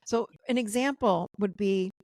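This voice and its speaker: A woman guest coach speaking on a video call in casual interview chat, animated and laughing often as she acts out what clients said. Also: medium pitch, unhurried, dry recording.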